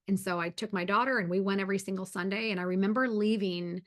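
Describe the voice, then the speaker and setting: A woman's voice: mid-range voice, steady tone, fast talker. A woman hosting a faith-based advice chat, telling her story earnestly with many ums and restarts. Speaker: host.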